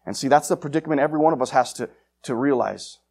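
A man preaching an evangelistic sermon, confrontational and fiery, swinging between loud urgent lines and hushed ones. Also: mid-range voice, fast talker, gravelly, slightly rough.

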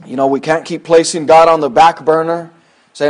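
A man's voice: a little high, flat delivery, moderate pace. Man preaching a folksy sermon, raised voice. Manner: swings from loud emphatic preaching to near-whispered asides; folksy, conversational preaching with scripture quotes. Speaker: pastor.

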